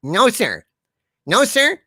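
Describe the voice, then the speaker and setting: A man's voice: very high-pitched, huge pitch swings, slow, sharp tone, husky, no echo, voice pushed up, exaggerated voice. A man voicing a boastful male otherworldly destroyer trapped in a force field, blustering and threatening doom. He speaks with a dry, close sound. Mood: defiant.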